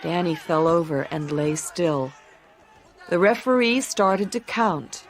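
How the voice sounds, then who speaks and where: A woman narrating a simple story for English learners, clear and deliberate. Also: lowish voice, a faint crowd. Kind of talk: slow scripted story reading for English learners.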